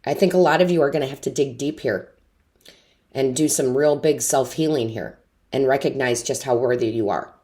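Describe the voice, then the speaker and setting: A woman's voice: extremely low pitch, normal speed, mellow. A woman giving an intuitive tarot reading to camera, earnest and encouraging, often asking rhetorical questions. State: tearful, emotionally overwhelmed. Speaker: tarot reader.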